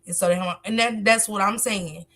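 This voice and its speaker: A woman hosts a casual live stream at home, reading viewer comments aloud and answering each one. Her voice is bright and forward, sitting at an ordinary middle pitch. She talks on and on in a loose, chatty way. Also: steady tone, normal speed.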